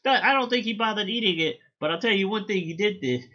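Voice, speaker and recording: A man casually recapping and reviewing a manga chapter, excited and slangy, swearing freely. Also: high-pitched, fast talker, muffled recording.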